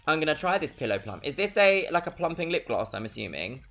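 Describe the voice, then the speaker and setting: Bubbly low-voiced young London woman. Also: very animated, fast talker, a bit bright, soft background music. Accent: London English. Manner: bubbly, chatty, laughs often. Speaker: streamer. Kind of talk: casual live-stream chat.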